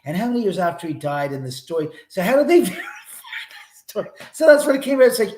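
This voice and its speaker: A man's voice: high-pitched, huge pitch swings, fast, a little mellow, slight background noise. Middle-aged man rambling on a live stream. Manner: rambling, profane, chuckling. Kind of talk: casual live-stream chat. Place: his home.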